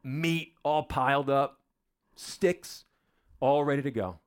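A man's voice: medium pitch, takes it slowly, smooth. A man preaching a sermon as a pastor, dramatic and emphatic, with rhetorical questions and repetition.

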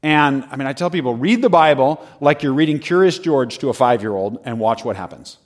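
A man's voice: mid-range voice, lively intonation, brisk. A male preacher with an ordinary mid-range voice, giving a humorous and conversational sermon. He speaks with energy, often breaks into laughter and pushes his voice up for emphasis.

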